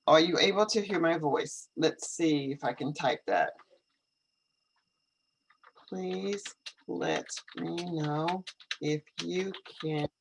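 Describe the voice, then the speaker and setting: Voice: medium pitch, rough recording. An English teacher hosting a casual live stream over a video call, thinking aloud and repeating questions while fixing the setup. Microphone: computer video call.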